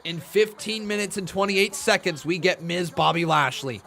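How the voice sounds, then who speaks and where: An excitable man hosts a live stream, talking over the show with his chat. His voice sits a little high, and he slides easily from chatty analysis into playful outrage and shouted chants. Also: normal speed, vocal fry. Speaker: streamer and wrestling commentator. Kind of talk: live watch-along commentary.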